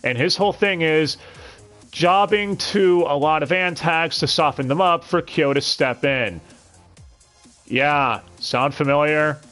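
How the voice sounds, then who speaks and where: A man's voice: on the high side, a little slow, fairly bright tone, soft background music. A man reviewing an anime dub on a live stream, talking casually with frequent stammered restarts and blunt, profane sarcasm.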